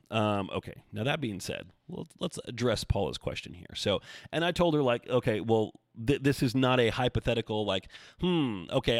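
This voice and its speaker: Man, lowish voice, dry close mic, casual self-deprecating podcast host, rambles as he thinks. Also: no echo. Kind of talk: casual solo podcast talk. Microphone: desk mic, seated.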